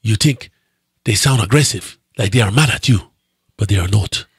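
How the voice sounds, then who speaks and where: A man's voice: lowish voice, moderate pace, breathy edge, no room sound. A man, an actor, answering interview questions in a reflective, hesitant way with many restarts. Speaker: actor and guest. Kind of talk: interview talk.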